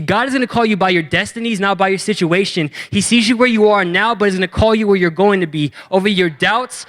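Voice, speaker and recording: A young man preaching to a youth group, his voice smooth and clear and sitting a little high. He talks with energy and playful slang and acts out the characters as he tells their stories. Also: fairly bright tone. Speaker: youth pastor. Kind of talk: youth sermon with acted-out stories.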